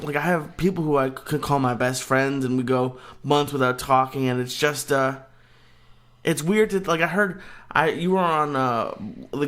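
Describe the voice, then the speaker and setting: A man co-hosting a podcast, who talks in a halting, hesitant way with many restarts. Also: a little high, fairly bright tone. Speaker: podcast co-host. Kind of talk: casual chat.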